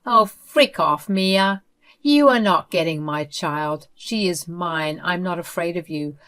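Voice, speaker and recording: A woman's voice: lowish voice, slow pace, fairly bright tone. A woman voicing an obsessive, unhinged woman who insists a baby is hers, speaking sweetly but insistently with cold defiance. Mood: possessive, defiant.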